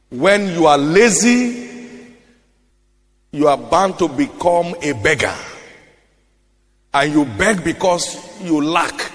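A man's voice: on the high side, animated, slow pace, pauses often. A man with a Nigerian accent preaching a sermon, reading scripture in a half-sung cadence and repeating key phrases for emphasis. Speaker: pastor. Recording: long hall reverb.

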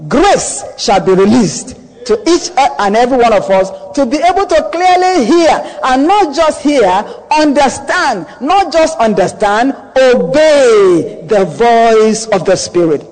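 A male preacher delivers a sermon in a strikingly high voice. He speaks slowly and deliberately, leaning on each phrase and repeating the key ones for emphasis. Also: big pitch swings, a little mellow, rough recording.

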